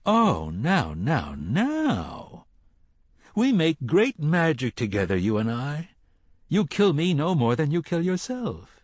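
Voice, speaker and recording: A man putting on a high taunting sorcerer. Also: wildly swooping pitch, a little mellow, no room sound, studio quality, full character voice. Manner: taunting, theatrical, drawn-out. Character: mocking sinister male sorcerer, gleeful taunter. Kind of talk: audiobook character voice.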